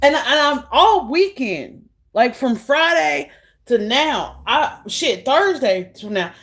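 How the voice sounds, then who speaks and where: Woman, slow pace, higher voice, blunt and sarcastic rant. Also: animated, fairly bright tone. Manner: heated, blunt, sarcastic, with mocking impressions. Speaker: vlogger. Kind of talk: casual monologue to camera.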